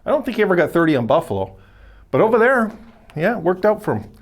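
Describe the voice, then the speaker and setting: A man's voice: high voice, big pitch swings, fast talker. A man hosting a casual solo video, talking in a rambling, chatty way with frequent self-corrections and asides. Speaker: hockey video host.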